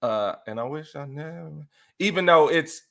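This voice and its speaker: Animated man who laughs and sings. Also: a little high, normal speed, creaky. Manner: animated, laughs often, sings snippets of songs. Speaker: interview guest, R&B enthusiast. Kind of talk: casual chat.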